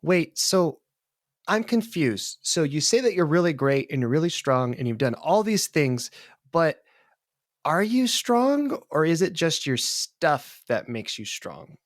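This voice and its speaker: A man's voice: a little high, very animated, a little slow, dry recording, clean studio sound, pitched above the performer's own voice. A man voicing a young female wolf-shifter barbarian, blunt and eager to please, in a tabletop game. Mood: challenging.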